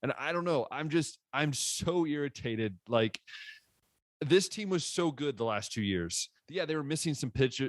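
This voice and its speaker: A man's voice: medium pitch, lively intonation, normal speed, dry recording. A man co-hosting a sports podcast, ranting in casual chat with frequent restarts. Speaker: podcast co-host.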